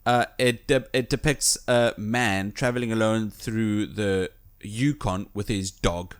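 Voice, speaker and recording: A man's voice: lowish voice, slow pace, clean tone. A man co-hosting a video game podcast in casual, enthusiastic chat. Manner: enthusiastic, animated storytelling. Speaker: podcast co-host.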